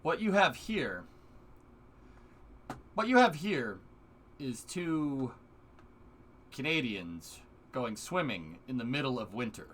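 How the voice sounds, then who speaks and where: A man's voice: medium pitch, sing-song, slow pace, long pauses, fairly bright tone, a little hiss or hum. A man streaming live, chatting casually and joking with his viewers. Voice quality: joking, puts on silly voices in bursts.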